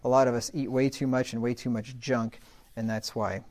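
A man's voice: medium pitch, level tone, moderate pace, darkish tone. A man teaching a Bible lesson from the pulpit, in a conversational way with asides and self-corrections. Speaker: pastor. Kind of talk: sermon-style Bible teaching.

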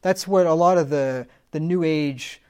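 A man's voice: on the high side, measured pace, darkish tone, smooth. A man teaching a casual Bible study, reading passages aloud and then commenting on them in a loose, conversational way.

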